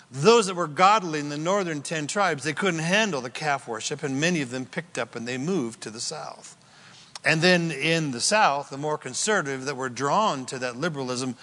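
Male pastor, folksy verse-by-verse preaching, bright voice, long hall echo. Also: a little high. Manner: folksy, animated, with storytelling asides. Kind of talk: expository sermon. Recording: echoey hall.

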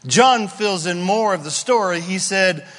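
A man preaching a sermon as pastor, animated and playful, acting out voices and asides. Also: sits high, measured pace. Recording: long hall reverb.

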